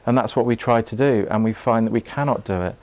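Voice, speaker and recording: A man, giving a live talk to a group in a room, earnest and halting, often restarting his words and laughing. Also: lowish voice, darkish tone. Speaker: meditation teacher. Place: room with an audience.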